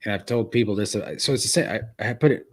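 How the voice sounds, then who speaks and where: A man with kids, a guest chatting casually on a live stream, talking in halting bursts with many restarts. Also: lowish voice. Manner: halting, lots of restarts and fillers. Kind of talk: casual chat. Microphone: live stream setup.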